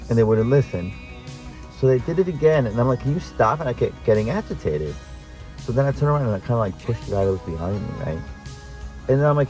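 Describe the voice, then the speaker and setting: A man recounts a personal story on a casual talk show, bouncing into quoted voices as he goes. His voice sits in an ordinary middle pitch, and faint music plays underneath. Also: fast, poor audio. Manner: animated, acts out quoted voices, swears casually. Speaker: host telling a personal story.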